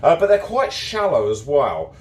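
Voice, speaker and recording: A man's voice: fairly high pitch, huge pitch swings, moderate pace. A British man hosting a live cooking stream, chatting casually and rambling as he greets viewers by name while he bakes in his home kitchen. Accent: British English. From Britain. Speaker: livestream cooking host. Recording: echoey kitchen with faint background noise.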